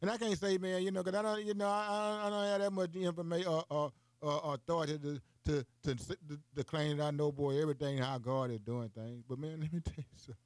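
A man's voice: steady tone, fast, few pauses, dry recording. Folksy preacher man, dry sound. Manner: folksy, repeats "boy" and "man" often; rises into high, emphatic preaching runs. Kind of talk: radio broadcast sermon.

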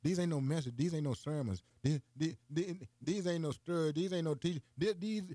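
A man's voice: fairly quick, dark tone, no room sound. Folksy preacher man, dry sound. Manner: folksy, repeats "boy" and "man" often; rises into high, emphatic preaching runs. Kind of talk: radio broadcast sermon.

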